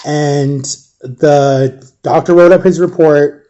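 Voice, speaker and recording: Young guy talking through something rough, mellow kinda high voice, keeps stumbling and repeating. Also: fairly even intonation, muffled recording. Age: young adult. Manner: halting, repeats himself, acts out quoted voices. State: emotional, near tears. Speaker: survivor telling his story. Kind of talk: personal storytelling.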